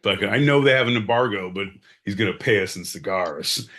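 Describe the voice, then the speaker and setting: A man co-hosts a podcast, trading sardonic comedic banter full of mock-grand announcements and frequent swearing. His voice is fairly low, bright, and forceful, and he talks fairly quickly.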